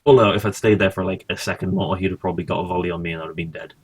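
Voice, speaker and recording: Male streamer, low husky voice, mutters and swears while playing. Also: fairly even intonation, very fast. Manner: muttering, swears casually, thinks aloud. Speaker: gaming streamer. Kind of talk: casual gameplay commentary.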